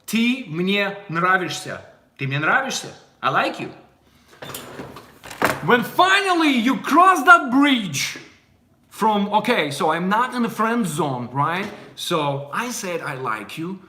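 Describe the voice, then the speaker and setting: A young man with a Russian accent, a native Russian speaker, teaching a casual language lesson in a playful, animated way. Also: high-pitched, takes it slowly, roomy sound, a little hiss or hum. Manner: animated, playful, puts on voices in anecdotes.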